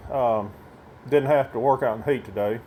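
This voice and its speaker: A man's voice: mid-range voice, normal speed, darkish tone, slight background noise. A middle-aged man telling a rambling personal story, folksy and meandering.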